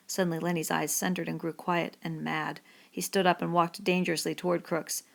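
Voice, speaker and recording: A woman narrating a novel chapter in a plain, even storytelling manner for an audiobook. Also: on the low side, a little fast, creaky. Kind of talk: scripted narration.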